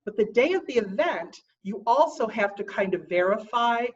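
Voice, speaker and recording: A woman running a training briefing who slows down to stress key points and calls herself a fussy stickler. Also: on the high side, expressive, recorded from a distance, lo-fi sound. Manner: self-described fussy stickler. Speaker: contest trainer.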